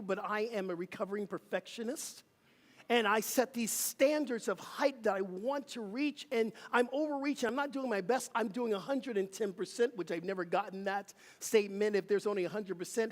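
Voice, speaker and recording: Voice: medium pitch, in a large hall. A minister preaching a sermon, emphatic and rhythmic, leading the congregation in call and response. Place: church sanctuary.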